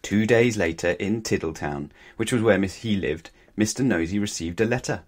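A man reads a children's story aloud, gentle and playful, never in a hurry. His voice sits a little low for a man, and he gives each line an easy, friendly lilt. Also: moderate pace.

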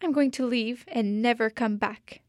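A woman's voice: fairly high pitch, moderate pace, no echo, clean studio sound, close to an everyday voice. A woman voicing a tearful, stubborn little girl. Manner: tearful, pleading, raised voice. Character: young girl, sad, stubborn and sulking.

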